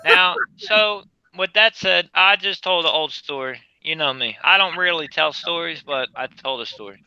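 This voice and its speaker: A man's voice: fairly high pitch, very animated, moderate pace, creaky, sharp tone, smooth, no room sound, highs cut off. A man from Philadelphia with a Philly accent, chatting casually and joking about himself on a podcast. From Philadelphia, USA. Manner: joking, self-deprecating. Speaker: podcast co-host. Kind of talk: casual chat.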